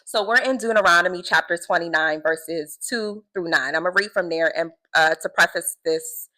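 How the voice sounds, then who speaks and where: A woman speaks straight to camera in a relaxed faith vlog, with a bright, ringing voice. She talks earnestly and with animation, repeating words to stress them. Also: fairly low pitch, normal speed, poor audio. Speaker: vlogger keeping a video journal.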